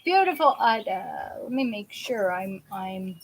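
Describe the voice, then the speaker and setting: A South Jersey woman hosts a live patient show, chatting casually in a live-stream format and rambling with lots of restarts and fillers. Her mid-range voice has a sing-song quality and a measured pace, with background noise behind her.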